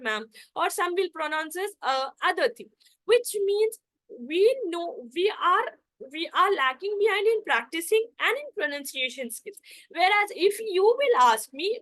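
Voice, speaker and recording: High-voiced woman teacher. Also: sing-song, normal speed, fairly bright tone, rough recording. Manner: repetitive, addresses class as guys, many fillers. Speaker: spoken English teacher. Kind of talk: online class lecture.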